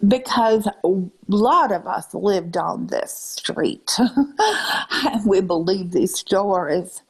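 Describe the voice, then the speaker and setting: A woman in a put-on Southern drawl lecturing viewers on a live stream, scolding them and calling them ma'am and darling, often dropping into breathy half-whispers. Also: mid-range voice, lively intonation, drawn-out words, rough recording.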